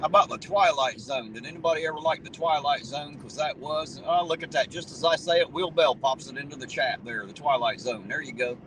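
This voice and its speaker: A man's voice: on the high side, a little fast, hardly any pauses, fairly bright tone, slight background noise, low-quality recording. A middle-aged man, hosting a livestream, chatting casually and reminiscing in a folksy, rambling way. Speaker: livestream host reading chat. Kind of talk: casual chat.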